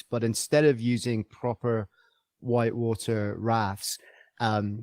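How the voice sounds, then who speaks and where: A man's voice: mid-range voice, a little mellow, no room sound. Chatty man telling an adventure story. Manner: enthusiastic, rambling with many fillers and restarts. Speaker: guest travel writer. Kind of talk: casual storytelling in a podcast interview.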